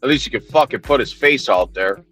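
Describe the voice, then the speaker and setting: A man's voice: medium pitch, lively intonation, fairly quick, a bit bright, faint music behind. A man ranting heatedly on a livestream, swearing constantly, mocking and confronting people while he answers his chat.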